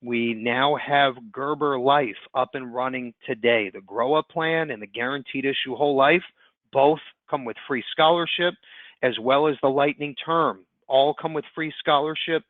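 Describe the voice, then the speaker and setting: A man giving an upbeat, fast sales pitch as presenter on a webinar call. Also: no room sound. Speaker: insurance platform presenter. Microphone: conference call line. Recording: tinny phone-line audio.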